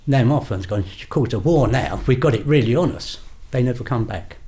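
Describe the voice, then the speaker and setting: An older man talks in a blunt, matter-of-fact way. He tells long stories and slips into the voices of the people he quotes, without changing who he is. His pitch sits in the middle range. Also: lively intonation, fairly quick, mellow. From London. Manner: blunt, acts out quoted exchanges in his own voice. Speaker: guest, former gangster. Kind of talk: storytelling interview.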